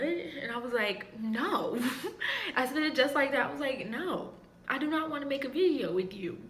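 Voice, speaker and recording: A woman's voice: medium pitch, fairly bright tone, a little hiss or hum. A young adult woman vlogger telling a candid storytime, speaking frankly and laughing often. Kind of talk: casual storytime. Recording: echoey room with faint ambience.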